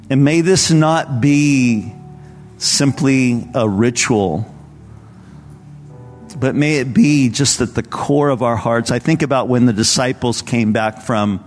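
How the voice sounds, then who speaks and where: A man delivers a sermon at a church service in a mid-range voice. He speaks earnestly but casually, as if chatting with the congregation. Soft music plays faintly behind him. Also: medium pitch, long reverb tail. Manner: conversational, earnest storytelling. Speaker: pastor.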